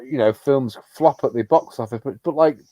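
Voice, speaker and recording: A man's voice: mid-range voice, moderate pace, warm tone, dry recording. A man chatting agreeably on a live stream, stumbling and repeating his words. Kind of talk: casual chat.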